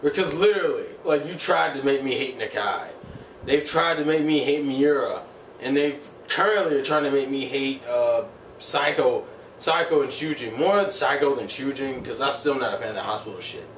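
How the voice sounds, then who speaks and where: A man's voice: medium pitch, normal speed, a little hiss or hum. Ranting man in a roomy, distant recording. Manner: rambling, profane, heated ranting full of "like". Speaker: anime reviewer vlogger. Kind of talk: casual spoken episode review. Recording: roomy sound from a distant mic, faint ambience.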